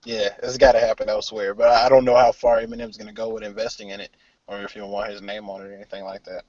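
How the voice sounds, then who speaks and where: A man's voice: on the low side, level tone, fast talker, darkish tone, muffled recording. A man hosting a casual hip hop podcast, laid-back and slangy, talking over an online call from outdoors behind a store. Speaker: podcast host.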